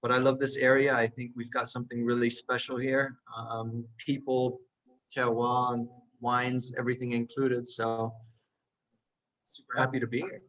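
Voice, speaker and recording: A man from Germany with a slight New Zealand English accent, talking in a relaxed, easygoing way as a winemaker guest on a video call from outdoors. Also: medium pitch, normal speed, rough recording. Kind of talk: casual panel chat.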